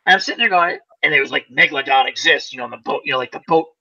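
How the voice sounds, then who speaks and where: Animated man telling funny stories. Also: fairly high pitch, racing, creaky, dull audio. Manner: animated storyteller, acts out voices. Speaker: host. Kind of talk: casual chat.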